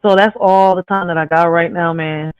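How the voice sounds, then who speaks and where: A man's voice: on the high side, steady tone, moderate pace, clean tone, no echo. A man hosting a live stream, reading reflective poetry and asking rhetorical questions, often tagging his points with "right?". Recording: dry tinny phone-like sound.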